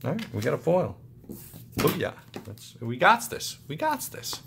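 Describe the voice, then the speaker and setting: A young man excitedly opening trading card packs for his channel, muttering card names with sudden yelps of delight. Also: a little slow, gravelly, noisy background. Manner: excitable, muttering asides, jumpy pitch. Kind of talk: casual pack-opening commentary.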